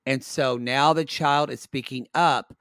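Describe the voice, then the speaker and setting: A man's voice: medium pitch, steady tone, unhurried, fairly bright tone, smooth, no room sound, clean studio sound. A man co-hosting a casual recap podcast, talking in a blunt, profane and analytical way. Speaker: podcast co-host. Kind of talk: casual reality TV recap chat.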